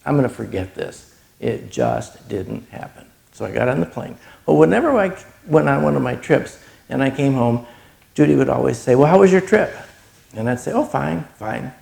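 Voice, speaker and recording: Middle-aged guy with a really gravelly voice, earnest story talk, gets choked up at times. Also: mid-range voice, animated, normal speed, a little mellow. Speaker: charity speaker. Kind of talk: personal testimony talk.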